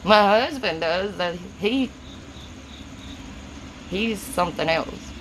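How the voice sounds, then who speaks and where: A woman's voice: medium pitch, animated, slow, slight background noise, rough recording. A woman with a Southern US accent, answering viewers' comments on a phone live stream in a casual, chatty way. Her words run together and she stutters a little. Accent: Southern US, Tennessee. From Southern United States.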